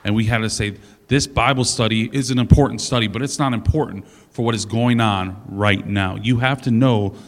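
A man's voice: on the low side, steady tone, normal speed, hardly any pauses, in a large hall. A man in a casual panel discussion, speaking bluntly and joking now and then.

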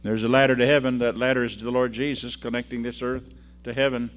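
A man preaching a sermon and reading scripture aloud, swinging between loud emphasis and quiet drops. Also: mid-range voice, flat delivery, fast talker.

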